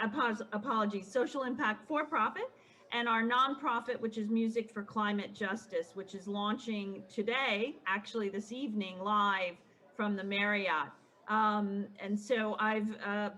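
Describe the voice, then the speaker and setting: A woman's voice: a little high, a bit bright, poor audio. A woman introducing herself on an online panel, friendly and a bit flustered, with many fillers. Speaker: panelist, company founder.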